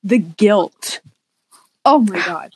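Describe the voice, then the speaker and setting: A woman's voice: medium pitch, expressive, drawn-out words, very noisy. A young woman co-hosting a podcast, chatting casually and dramatizing for laughs. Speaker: podcast co-host. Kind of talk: casual chat.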